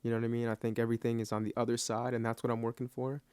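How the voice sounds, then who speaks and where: A man's voice: medium pitch, completely flat delivery, racing, darkish tone, smooth, dry recording. A man hosting a podcast interview, reflective and earnest as he talks about his faith. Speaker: podcast host. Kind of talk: interview conversation.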